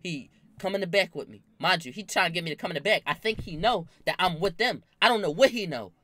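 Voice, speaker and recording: A young man casually telling a wild story from his own life, animated and full of slang and swearing. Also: high voice, quick pace, no room sound. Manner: animated, slangy, swears a lot, bursts into loud laughing shouts.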